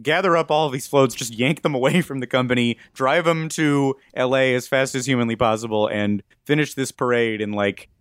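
A man hosts a casual podcast chat, telling a story with plenty of fillers and quick asides. His voice sits in a middling pitch and sounds dry and close. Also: steady tone, clear, resonant tone, no echo. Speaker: podcast host.

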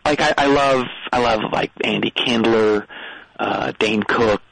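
A man's voice: fairly low pitch, a little slow, gravelly, fairly bright tone, low-quality recording. A man calling into a comedy show, telling a rambling story with many stammers and restarts. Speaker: caller. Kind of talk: comedic phone call.

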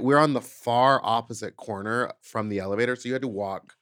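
A man co-hosting a podcast, telling a story in casual chat, full of "like" and animated retelling, into a studio mic. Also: mid-range voice, a little fast, no echo. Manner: chatty, peppered with "like", animated retelling. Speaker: podcast co-host.

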